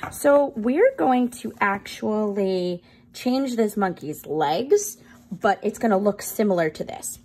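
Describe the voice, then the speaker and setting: A woman's voice: medium pitch, slow, slightly rough. A woman art teacher reading a picture book aloud, then starting a drawing lesson. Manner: expressive, sing-song storytelling.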